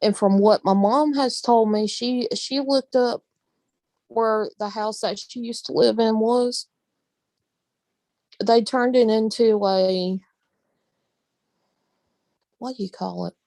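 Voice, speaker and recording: Southern woman, unhurried drawl, dry close sound, chatty vlogger, laughs a lot. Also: a little high, fairly even intonation, a little mellow, no echo. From Southern United States. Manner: talkative, laughs often, drawling folksy phrases. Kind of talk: casual chat.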